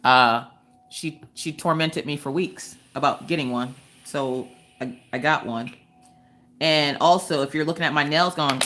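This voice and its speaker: Chatty, low-voiced woman livestreaming from home. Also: unhurried, a bit bright, slight background noise. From Pennsylvania. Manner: chatty, laughs often, tells family stories. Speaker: crafting livestream host. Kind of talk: casual livestream chat. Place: home, indoors.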